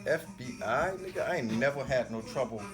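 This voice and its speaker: Dude telling a wild story on a podcast, quick talker, acts out every voice, music in the back. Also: male voice, mid-range voice, animated. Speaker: podcast guest. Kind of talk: storytelling in casual chat.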